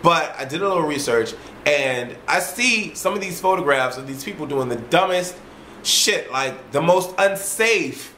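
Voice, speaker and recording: A man vlogging in a casual, ranting monologue. He tells his story in an animated way, swears freely and repeats himself. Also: fairly high pitch, a little slow, slight background noise. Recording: roomy echo.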